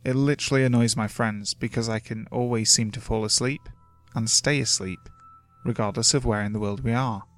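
A man reading first-person scary stories from the woods as scripted horror narration, steady and measured. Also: medium pitch, no room sound. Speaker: creepypasta narrator. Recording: faint music underneath.

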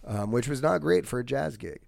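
A young man co-hosting a casual podcast, his voice hoarse and still recovering, rambling and joking as he talks. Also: mid-range voice, expressive, brisk, darkish tone, dry recording. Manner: jokey, rambling, self-interrupting. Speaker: podcast co-host.

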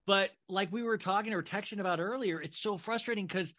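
Man, podcast co-host, high voice, bright, rambling casual chat. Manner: rambling, animated, quick asides.

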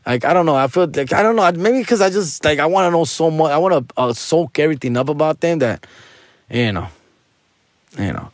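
A male stand-up comedian and podcast host tells listeners a personal story, casual and candid, loaded with street slang. His voice sits a little high, with lively intonation and a brisk pace, captured in clean studio sound with no echo.

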